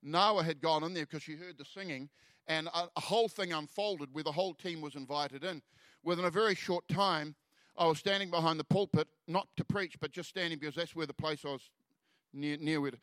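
A man gives a sermon testimony, his voice sitting a little high and recorded dry and close. He speaks earnestly, with halting restarts and phrases that fall away to near quiet before he presses on. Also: dry recording. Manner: earnest storytelling, halting restarts, soft drops in volume. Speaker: preacher.

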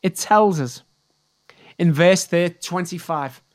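A preacher giving a sermon in a deliberate, emphatic way, repeating key words for weight. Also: medium pitch.

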